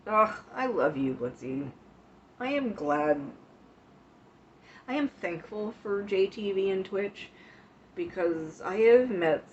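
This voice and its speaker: A woman streamer chatting casually with her viewers, emotional and tearful at times, talking in slow, halting bits with many pauses. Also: on the low side. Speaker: live streamer. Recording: dull lo-fi stream audio with faint hiss.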